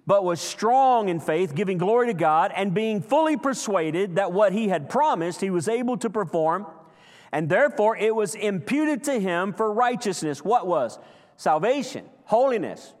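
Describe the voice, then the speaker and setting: A man preaching a sermon with passion, swinging from loud outbursts to hushed, slow lines. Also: high-pitched, expressive. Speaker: pastor. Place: church sanctuary. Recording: long hall reverb.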